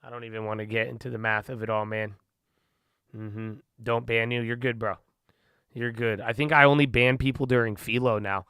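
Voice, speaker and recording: A man of ordinary pitch rambles casually to his livestream chat, calling viewers bro and man as he goes. His voice is smooth and clear. The sound is dry and close, with no room echo. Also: steady tone, normal speed, bright, forceful tone. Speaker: stock trading streamer.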